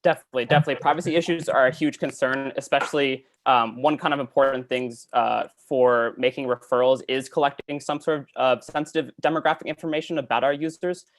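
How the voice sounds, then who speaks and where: A man's voice: mid-range voice, fairly even intonation, dry recording. A man answering audience questions about his startup on a video call, earnest and full of fillers. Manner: fast, many fillers, earnest. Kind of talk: Q&A answers after a pitch.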